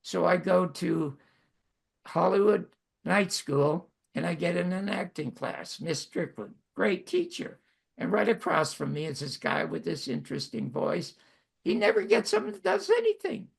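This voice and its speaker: A man's voice: on the high side, measured pace, vocal fry, husky. A man in his nineties from Canada, telling stories from his life as a host, with a wry, self-mocking humor. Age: 90s. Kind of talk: storytelling monologue.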